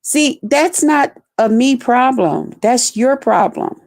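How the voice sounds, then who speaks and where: A woman's voice: a little high, lively intonation, takes it slowly, creaky, a little mellow. A woman streamer delivering an angry, profane, repetitive rant aimed at a rival.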